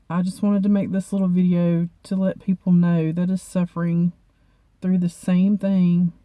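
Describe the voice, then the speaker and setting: Halting, heartfelt woman vlogger, dull lo-fi sound. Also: lowish voice, dry recording. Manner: halting, heartfelt, repeats herself. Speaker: beauty vlogger. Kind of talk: personal talk to camera.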